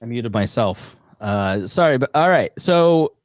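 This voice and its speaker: A man hosting an online question session, talking in a relaxed, conversational way with plenty of fillers. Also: mid-range voice, unhurried, no room sound. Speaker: host. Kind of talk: casual moderating. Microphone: video call.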